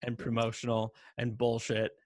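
A man's voice: medium pitch, completely flat delivery, moderate pace, dry recording, studio quality. A young man telling rambling, crude stories in casual chat and laughing often as he talks.

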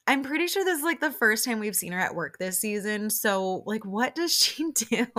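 A woman hosting a podcast, recapping a reality show in a chatty, animated way and acting out the quotes. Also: mid-range voice. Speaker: podcast host.

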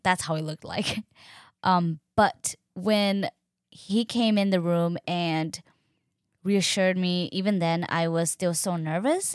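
A young woman telling a personal story in a casual, animated way, acting out quoted dialogue and using lots of fillers. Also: on the low side, dry recording, studio quality. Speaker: podcast host.

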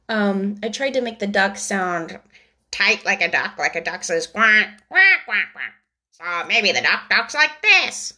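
Animated woman reading a storybook aloud. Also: lowish voice. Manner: animated, laughing asides. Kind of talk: reading a children's book aloud, then casual chat.

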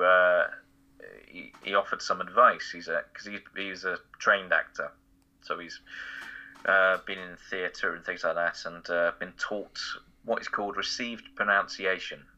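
A man from Essex talks casually in a low, very forceful and tense voice, rambling with fillers and little chuckles. The recording sounds a bit dull and lo-fi. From Essex, outside London. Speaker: voice impressionist guest. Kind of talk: casual conversational interview.

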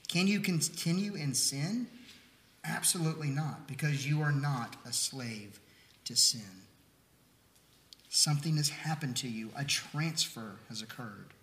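A man's voice: medium pitch, measured pace, reverberant, slight background noise, poor audio. A male pastor preaching a sermon, explaining scripture in a conversational way and punching key lines with strong emphasis. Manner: emphatic, rising to near-shouts on key lines.

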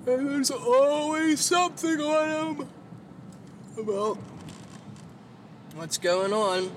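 Extremely high-pitched and slow, this man's voice drifts through a casual, rambling monologue as he drives, sleepy and tired. He swears frequently and uses lots of fillers, with road and engine sounds inside the car.

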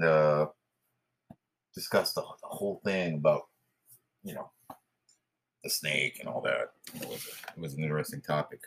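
A man's voice: low-pitched, fairly bright tone, husky. A man from New York hosting a podcast, talking casually with hesitations and fillers. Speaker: podcast host.

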